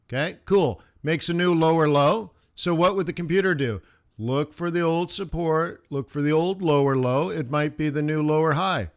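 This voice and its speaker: Man, slightly high voice, live trading lesson, casual, direct to viewers, rhythmic chanted bursts. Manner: casual, talks straight to viewers with quick rhetorical questions. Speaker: forex trading instructor.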